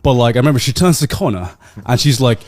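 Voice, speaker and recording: A man's voice: mid-range voice, animated, fast talker, darkish tone. A man in his thirties co-hosting a casual podcast chat, telling stories with frequent giggles, swearing and lots of agreeing. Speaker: podcast co-host.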